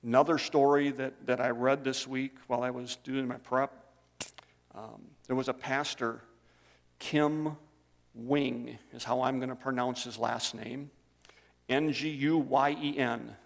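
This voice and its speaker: A man preaches to his congregation, telling stories in a plain, conversational way. His voice sits at an ordinary middle pitch. It rings out with the long reverb of a church hall. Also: level tone, moderate pace, vocal fry. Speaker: pastor. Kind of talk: sermon.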